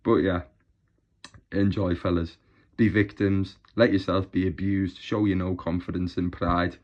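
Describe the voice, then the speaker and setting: A man's voice: low-pitched, little pitch movement, moderate pace, a little mellow, lo-fi sound. A man on a YouTube channel delivering a mocking, boastful rant straight to his rivals. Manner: taunting, boastful, scornful.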